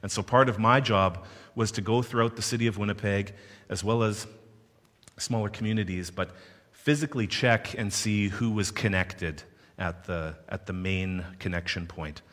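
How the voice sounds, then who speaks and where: Man, low voice, personal storytelling, audience asides, long hall reverb. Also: moderate pace. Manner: animated, playful asides to the audience.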